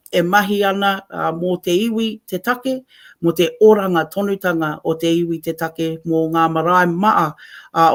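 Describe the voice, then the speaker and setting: Brief: NZ woman, radio host, gushing and heartfelt, mixes Māori and English. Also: on the low side. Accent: New Zealand. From Taranaki, New Zealand. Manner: effusive, switches between Māori and English. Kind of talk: live community radio chat.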